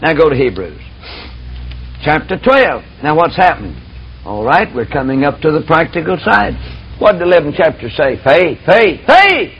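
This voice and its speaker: A man's voice: a little high, sing-song, normal speed. A man preaching a sermon in a folksy, emphatic, drawling storytelling manner. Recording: dull lo-fi tape with faint hiss.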